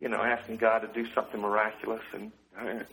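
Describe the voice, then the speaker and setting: A man with a bright, forward voice shares a personal testimony. He speaks earnestly and often softly, with a heartfelt tone. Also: lowish voice, little pitch movement, fast, gravelly, slight background noise, low-quality recording. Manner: earnest, heartfelt, soft-spoken. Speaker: guest sharing a personal testimony.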